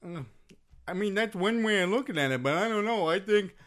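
A man voicing a deadpan, oblivious woman wrestler with a put-on Irish accent in a comedy podcast sketch. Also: high voice, brisk. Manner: deadpan, flat delivery.

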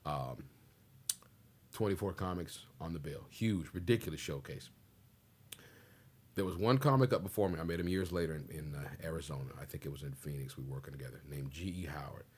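A man in his sixties, a stand-up comedian, tells a story in a casual interview with a deep, husky voice. He talks fast and with animation, drops slang, and acts out the dialogue of the people in the story. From US Pacific Northwest.

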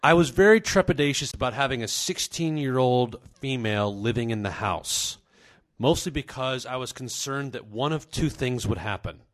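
A man's voice: medium pitch, animated, moderate pace. A man tells a comic story from his own life in a wry, self-mocking tone. He plays up his own awkwardness as the story goes on.

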